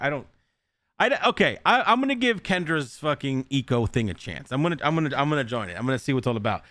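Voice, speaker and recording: A man hosts a casual podcast chat with a bright, animated voice. He rambles, swears freely and breaks into laughter often. The sound is dry and close. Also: fairly high pitch, dry recording. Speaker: podcast host.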